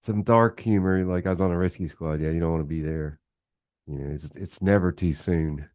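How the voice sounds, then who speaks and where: A guest beer reviewer on a radio program, this man rambles casually through jokes, performing the voices in them like a storyteller. His voice is low and darkish at a moderate pace, recorded dry on a studio mic in the radio studio.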